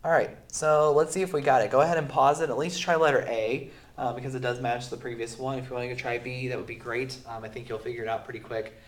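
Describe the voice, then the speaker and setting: A man who is sick, teaching a recorded math lesson in a relaxed way with many fillers, going through the steps slowly. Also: mid-range voice. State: sick, voice sounds off. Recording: roomy echo.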